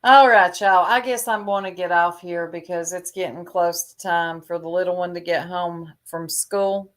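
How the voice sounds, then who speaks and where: A woman's voice: lowish voice, steady tone, normal speed, fairly bright tone. A woman in casual livestream chat, gossiping in a chatty, catty, drawling way.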